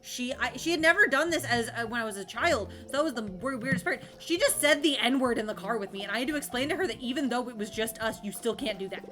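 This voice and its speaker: Bright-voiced young woman streamer, chatty. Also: on the high side, expressive, fast, hardly any pauses, soft background music. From Florida, US. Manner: rambling, laughing often, casual swearing. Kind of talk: casual chat while streaming a game.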